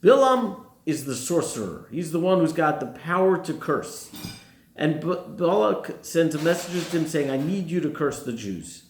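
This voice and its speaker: Male rabbi preaching with a gravelly, slightly high voice in a roomy space. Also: sing-song, normal speed. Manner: poses rhetorical questions to the listeners. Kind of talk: sermon. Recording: roomy echo.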